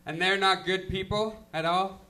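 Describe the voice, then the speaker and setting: A man's voice: high voice, fairly even intonation, normal speed, pushed and bright. A young man doing a stand-up comedy set in a loose, self-deprecating way, full of fillers. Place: comedy lounge stage.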